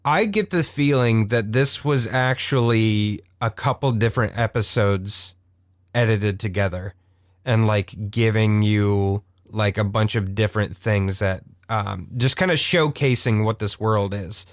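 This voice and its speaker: A man's voice: fairly low pitch, a little slow, dry recording, studio quality. A man co-hosting a casual cartoon podcast, chatty and laughing often as he talks through the episodes. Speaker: podcast co-host. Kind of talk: casual chat about cartoons.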